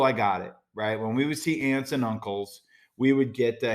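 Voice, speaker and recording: A man's voice: mid-range voice, normal speed. A middle-aged American man hosting a solo podcast, talking in a conversational, direct way with frequent fillers and asides. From United States. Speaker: podcast host. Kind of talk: casual solo podcast talk.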